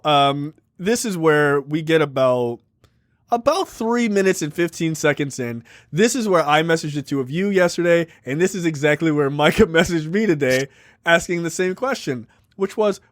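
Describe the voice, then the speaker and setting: Dry, higher-voiced man recapping a movie. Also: animated, moderate pace, no room sound. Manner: recaps plot loosely with lots of fillers and joking asides. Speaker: podcast co-host. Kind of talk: casual movie review chat.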